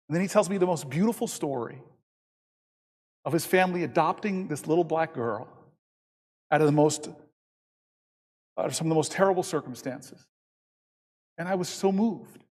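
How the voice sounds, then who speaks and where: A man in his fifties giving a long floor speech as a senator, telling a story and quoting others in lively voices. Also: on the high side. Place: large legislative chamber. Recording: long reverb from a large chamber.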